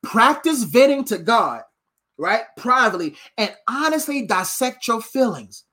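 A man's voice: very high-pitched, unhurried. A male preacher who swings his voice up and down as he tells funny, slangy stories from the pulpit. He talks to the crowd like friends, jumping between teaching and tall tales. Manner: animated, humorous storytelling, conversational slang. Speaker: preacher and coach. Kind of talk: sermon.

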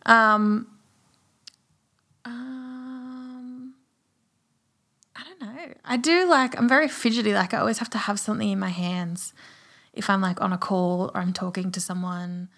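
A woman's voice: medium pitch, steady tone, measured pace, long pauses, a bit bright. A young adult woman co-hosting a podcast in casual chat, saying "like" constantly. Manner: says "like" constantly. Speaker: podcast co-host.

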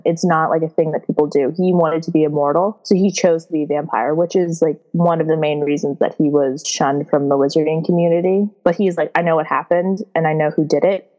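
A woman's voice: deep voice, a little mellow, lo-fi sound. A woman co-hosting a casual podcast, recapping a book in a rambling way with lots of fillers and giggles. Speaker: podcast co-host.

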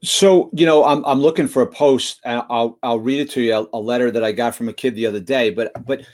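A man's voice: medium pitch, fairly quick, a little mellow. A man who speaks at schools, telling a story in an interview, earnest and often restarting his words. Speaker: guest, motivational school speaker. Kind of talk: storytelling in conversation.

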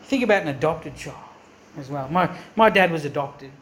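A man's voice: fairly high pitch, lively intonation, normal speed, fairly bright tone, reverberant, slight background noise. A man preaching a sermon as pastor, earnest and emphatic, often asking the congregation questions. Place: church.

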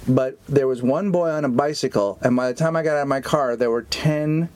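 A man's voice: mid-range voice, a little fast, a little mellow. A man co-hosting a podcast, telling a self-deprecating story in casual chat. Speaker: podcast co-host.

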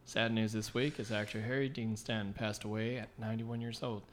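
A man's voice: fairly low pitch, level tone, a little fast. A man co-hosting a podcast, reading news items and joking around. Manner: jokey, puts on mock spooky announcer tones. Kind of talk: casual chat and news segments.

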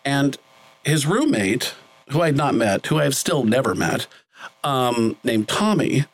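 A man's voice: mid-range voice, animated, measured pace, low-quality recording. A middle-aged man, a film director, telling a long story in an interview, rambling with many fillers and self-corrections. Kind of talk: conversational storytelling.

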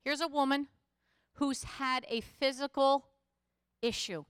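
A woman's voice: high voice, steady tone, takes it slowly, no echo, studio quality. A middle-aged woman pastor preaching a sermon, telling a story in a conversational way and rising to emphatic exhortation.

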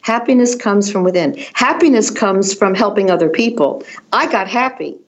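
An older woman, a fashion designer appearing as a guest, who tells animated stories and often restarts her sentences. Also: medium pitch, moderate pace, lo-fi sound. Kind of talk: conversational storytelling.

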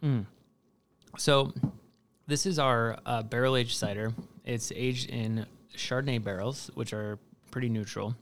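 A man as an interview guest, explaining how he makes his product in a relaxed way. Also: mid-range voice, unhurried, slight background noise. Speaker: guest, cidery owner. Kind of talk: casual interview.

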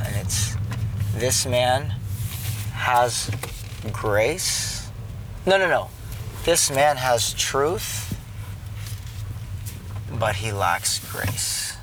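A man tells a personal faith story, earnest and halting, with many restarts. His voice sits at a middle pitch for a man. The recording is outdoors, and road and traffic noise comes through clearly.

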